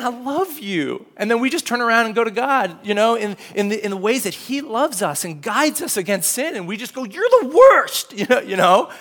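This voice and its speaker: A man's voice: very high-pitched, fairly bright tone. A man in his thirties preaching a conversational sermon, acting out quoted voices with lots of fillers. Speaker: pastor.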